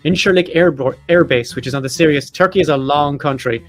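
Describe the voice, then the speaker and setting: A man's voice: a little high, a little fast, faint music behind. A man hosting a podcast, reading off facts and lists in a casual chat with jokey asides. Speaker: podcast host.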